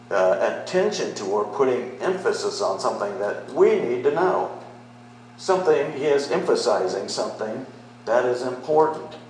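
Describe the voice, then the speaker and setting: A man's voice: fairly low pitch, very echoey, a little hiss or hum, poor audio. A middle-aged man preaching a sermon as pastor, conversational and then rising into emphatic declarations.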